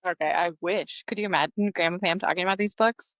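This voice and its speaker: A woman's voice: fairly low pitch, steady tone, fast talker, a bit bright, no room sound, studio quality. A young adult woman co-hosting a podcast, talking in a sassy, teasing way about a book series. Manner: sassy, teasing, swears casually. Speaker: podcast co-host. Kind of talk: casual book discussion.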